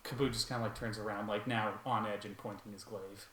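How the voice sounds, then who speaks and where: A man narrates his character's moves in a tabletop game, rambling and full of fillers. His voice is bright and ringing. The room echoes, and a faint hiss runs underneath. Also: lowish voice, steady tone, a little fast. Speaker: player. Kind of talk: playing a tabletop role-playing game.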